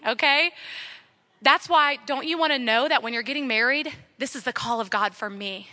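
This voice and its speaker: Bright, high-voiced young woman preaching. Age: young adult. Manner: earnest, exhortative, repeating key phrases. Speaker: women's ministry speaker. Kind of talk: sermon.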